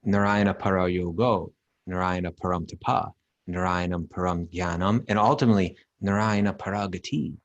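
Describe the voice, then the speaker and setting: A man's voice: low voice, fairly even intonation, moderate pace, muffled recording. A man casually explaining scripture verses, emphatic, often repeating himself and chanting Sanskrit lines. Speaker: podcast co-host teaching scripture. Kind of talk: casual teaching talk.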